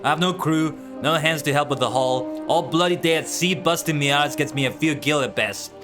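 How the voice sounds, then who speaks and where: A man voicing a weary, broken-down old male fisherman, reading game dialogue in a rough, gruff put-on dialect. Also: medium pitch, lively intonation, fairly quick, over music, close to an everyday voice.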